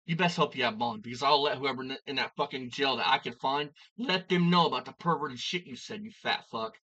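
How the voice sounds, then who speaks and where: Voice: medium pitch, fairly quick, bright, forceful tone, distant mic, highs cut off. A vlogger delivering an angry, profane commentary rant, hurling insults and repeating lines for emphasis.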